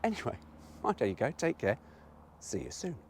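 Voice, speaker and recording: A man's voice: mid-range voice, big pitch swings, moderate pace, very noisy. A British man talking his way through a car review while driving, frank and rambling, swearing freely. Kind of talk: casual driving vlog. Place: inside a moving car. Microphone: GoPro camera.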